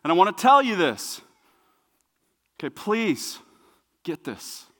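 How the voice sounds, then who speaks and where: A man delivers a sermon in a church sanctuary, his voice high and bright. He preaches with emphatic repetition, dropping to a hush and then building up loud again. A long reverb trails behind each phrase. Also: sing-song, slow. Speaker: pastor.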